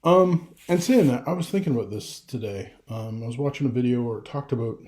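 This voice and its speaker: A man's voice: mid-range voice, brisk, mellow, echoey room. A middle-aged father talking casually to camera, rambling with restarts and getting emotional. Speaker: vlogger.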